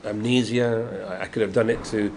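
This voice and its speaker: An older Yorkshireman chats as the guest in an interview, slipping into the voices of people he quotes and laughing between lines. His voice sits low, and a faint hum of a convention room lies under it. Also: moderate pace, creaky. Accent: Yorkshire English. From Yorkshire, England. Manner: lively storyteller, acts out quotes, laughs often. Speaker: guest actor. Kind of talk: anecdotal interview chat.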